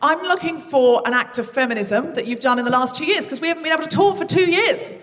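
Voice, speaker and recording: Picked up by a distant stage microphone in a big room, a woman hosts a live comedy podcast in a theatre, joking at her own expense and chatting with the audience. Her high-pitched voice is a bit bright, with lively intonation and a quick pace.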